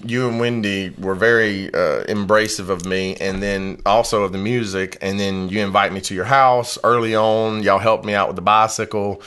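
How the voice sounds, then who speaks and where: A man hosting a podcast, telling stories in a relaxed, profane, rambling way full of fillers. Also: fairly low pitch, moderate pace, hardly any pauses, clear, resonant tone. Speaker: podcast host. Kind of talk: casual podcast chat.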